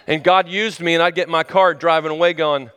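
A man preaching a sermon who talks straight to his listeners and swings between loud, high exclamations and low, hushed lines. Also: steady tone, brisk, clear, resonant tone. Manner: conversational, addresses the listeners directly. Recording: long reverb of a large hall.

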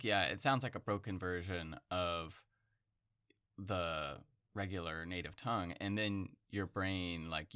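A man's voice: sits low, pushed and bright, no echo, studio quality. A man in casual conversation, explaining patiently and hedging with "I think" and "like".

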